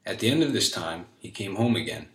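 Measured male storyteller in an echoey room. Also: low voice, very animated, a bit bright. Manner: measured, old-fashioned fairy-tale diction. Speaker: narrator. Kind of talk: storybook reading.

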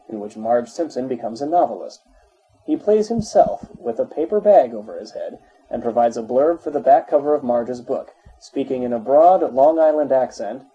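A man's voice: mid-range voice, mellow, breathy edge, poor audio. A man steadily reading an encyclopedia article aloud, spelling out dates in full. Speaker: narrator.

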